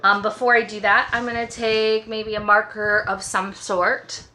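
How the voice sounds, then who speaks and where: A woman art teacher walking through a craft project step by step, gentle and reassuring. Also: mid-range voice, little pitch movement, a little slow. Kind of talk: craft tutorial.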